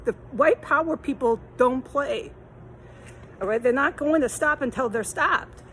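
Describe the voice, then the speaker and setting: A woman's voice: sits high, a little slow, a bit bright, slight background noise, low-quality recording. A woman filming herself outdoors on a city street, talking in a rambling, aggrieved, repetitive way while hot and tired. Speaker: vlogger. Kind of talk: rambling walk-and-talk vlog.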